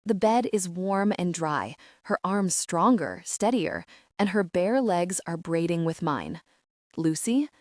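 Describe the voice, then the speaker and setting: A woman's voice: fairly low pitch, expressive, measured pace, no echo, clean studio sound. A woman narrating a first-person romance audiobook in an emotional, dramatic reading.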